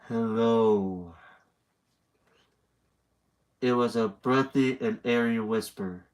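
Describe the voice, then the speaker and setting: A man's voice: mid-range voice, rough recording. A young man with a slightly nasal voice, reading a horror story aloud on a live stream and stopping to chat between passages. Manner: chatty, rambling asides between story passages.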